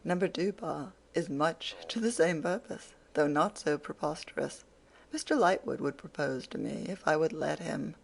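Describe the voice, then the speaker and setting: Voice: medium pitch, animated, moderate pace, creaky, slightly rough. An audiobook reader voicing a spirited, teasing young woman who scolds her father playfully.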